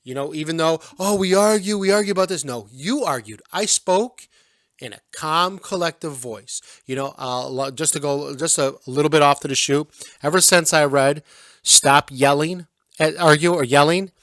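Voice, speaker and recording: A man in his forties co-hosting a casual podcast chat, conversational and quick to chime in with agreement. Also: a little high, fairly bright tone, no echo. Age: 40s. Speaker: podcast co-host.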